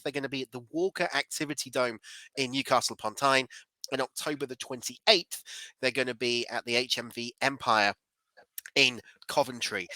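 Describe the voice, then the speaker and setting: A man's voice: medium pitch, sharp tone, dry recording, poor audio. A man in his forties hosting a podcast, reading news and chatting in an upbeat, self-deprecating way. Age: 40s. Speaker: podcast host. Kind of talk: casual chat and news reading.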